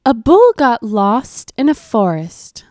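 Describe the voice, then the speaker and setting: A woman's voice: fairly high pitch, big pitch swings, slow pace, darkish tone, no echo, clean studio sound. A woman narrating a short animal fable in a plain, scripted reading. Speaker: storyteller.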